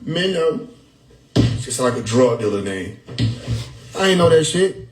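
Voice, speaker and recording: Animated, laughing livestream man. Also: mid-range voice, measured pace, faint music behind, poor audio. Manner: loud, laughing, profane, animated riffing on chat comments. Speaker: livestream host reading chat. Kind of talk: casual livestream chat. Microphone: phone or desktop mic on a live stream.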